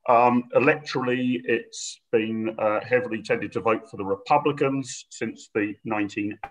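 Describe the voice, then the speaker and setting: A man's voice: on the low side, steady tone, moderate pace, a bit bright, low-quality recording. A man from Britain hosting and chairing an interview, upbeat and chatty with frequent fillers. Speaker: host, chair of the discussion.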